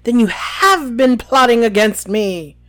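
Woman voicing a pompous male minister, blustering, high barking voice, wide swings. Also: measured pace. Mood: gloating. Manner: loud excited outbursts, high and pushed.

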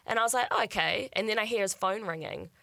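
A woman's voice: medium pitch, fast, gravelly, bright, forceful tone, dry recording. A young woman, telling a candid story in casual chat, swearing and acting out quotes. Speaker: guest storyteller.

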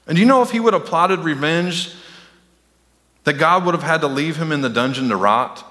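With a slightly high, pushed and bright voice, this animated pastor preaches at a moderate pace, talking casually and slipping into mocking impressions. The sound carries long hall reverb.

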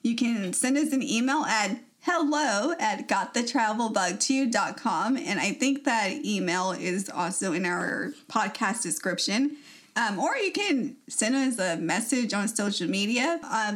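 Speaking a little slowly in an expressive, mid-range voice, a young woman tells a story while co-hosting a podcast. It's chatty talk, with many laughs and fillers.

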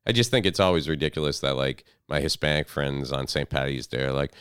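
A man in his thirties co-hosting a casual podcast, joking and slipping into loud mocking impressions. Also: a bass voice, quick pace, smooth, no room sound, studio quality. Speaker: podcast co-host. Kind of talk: casual banter.

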